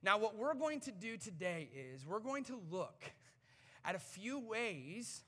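High, bright-voiced man preaching in a hall. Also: unhurried. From United States. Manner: animated storytelling, self-deprecating, rising to excited peaks. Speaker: pastor. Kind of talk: sermon. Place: church sanctuary. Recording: reverberant church hall.

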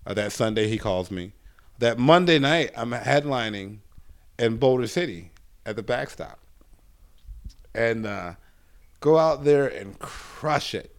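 A man, a stand-up comedian telling a long story in a casual interview, swearing often and filling pauses with "uh.". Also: medium pitch, expressive. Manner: profane, rambling storyteller with many fillers.

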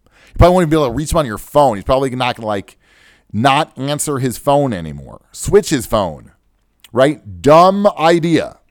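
Man, podcast host, unscripted monologue, sarcastic, lively swooping pitch, dead dry sound. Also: normal speed, dry recording. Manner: sarcastic, self-mocking, ad-libbed.

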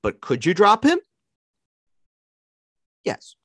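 A man with a Long Island accent hosting a casual sports chat, playful and animated. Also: slow, slightly rough, no echo. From Long Island, New York. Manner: animated, playful, jumps between high and low pitch. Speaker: podcast host.

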